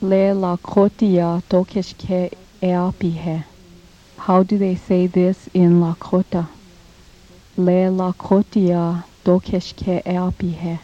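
On an old cassette tape with dull, lo-fi sound, a woman teaching a language says each phrase twice for listeners to repeat, moving at a very slow, measured pace. Her dark, low voice keeps a level tone with hardly any rise or fall.

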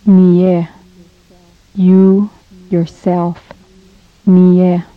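A woman teaching a recorded language lesson, saying each phrase slowly and repeating it for practice, on a dull lo-fi cassette tape. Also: on the low side, little pitch movement, dry recording.

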